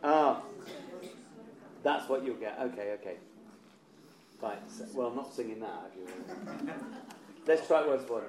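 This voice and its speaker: Choir director in an echoey room. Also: male voice, medium pitch, measured pace, long pauses, a crowd in the background. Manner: encouraging, demonstrates vowels by singing. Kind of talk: choir rehearsal coaching. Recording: roomy echo with faint instrument.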